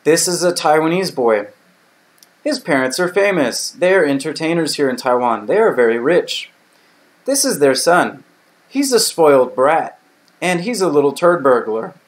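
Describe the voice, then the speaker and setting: A man's voice: a little high, very animated, normal speed. An American man hosting a live stream, ranting bluntly and indignantly, swearing freely and repeating himself. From United States. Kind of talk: casual live-stream rant. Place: home in Taiwan.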